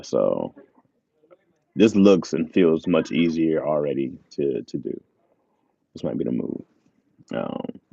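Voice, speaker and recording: Low-pitched and creaky yet mellow, this man's voice sounds dull, with no room sound. Hosting a relaxed livestream, he reads viewer chat out loud and laughs a lot, speaking through a tablet mic with earbuds.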